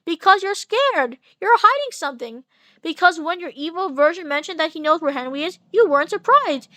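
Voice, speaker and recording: A woman reading the lines of a menacing male villain, slow and threatening, in a homemade fanfic reading. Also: extremely high pitch, very animated, bright, forceful tone, dry recording, exaggerated voice. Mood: accusing. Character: menacing male villain who turns evil.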